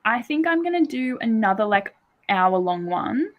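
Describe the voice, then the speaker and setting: A woman's voice: on the high side, normal speed, lo-fi sound. A woman hosting a live reading sprint with friends. She talks in an easy, laid-back way with plenty of "um"s and laughs. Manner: relaxed, laughs often, trailing fillers.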